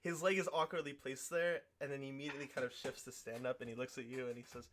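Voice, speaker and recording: A man's voice: mid-range voice, fairly even intonation, fast, hardly any pauses, fairly bright tone, slight background noise. A man running a tabletop game as game master, narrating casually with loose fillers.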